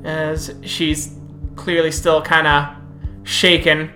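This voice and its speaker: A woman as storyteller, narrating a tabletop game in an unhurried, halting way. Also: low-pitched, flat delivery, bright, forceful tone, soft background music.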